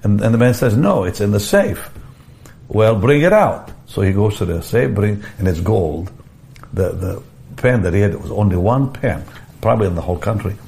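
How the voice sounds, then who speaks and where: An older man telling a personal story in an interview, animated, often repeating words, restarting phrases and chuckling. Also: on the low side, a little fast, creaky. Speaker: evangelist guest telling a story.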